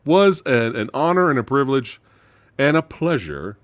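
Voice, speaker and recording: A man's voice: medium pitch, sing-song, normal speed, no echo. Enthusiastic podcast host man. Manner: enthusiastic, frequent exclamations. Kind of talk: casual chat.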